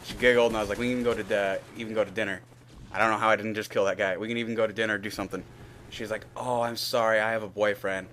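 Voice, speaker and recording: Young dude rambling a story over gameplay, lowish voice, swears a lot, bit of hiss. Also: male voice, little pitch movement, rapid-fire, a bit bright. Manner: rambling, candid, swears freely, acts out both sides of a conversation. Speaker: gaming video host. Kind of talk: casual gameplay commentary storytelling.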